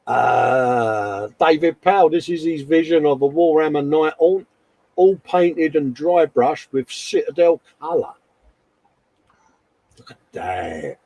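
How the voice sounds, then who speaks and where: A man's voice: on the high side, animated, slow pace, mellow, dry recording, highs cut off. A man hosting a live hobby stream in casual chat, laughing often and calling everyone mate.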